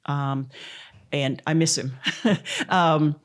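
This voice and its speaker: A woman's voice: low voice, fairly even intonation, extremely slow. A middle-aged woman from Missouri, a volunteer advocate telling a story in an interview, laughing often and close to tears.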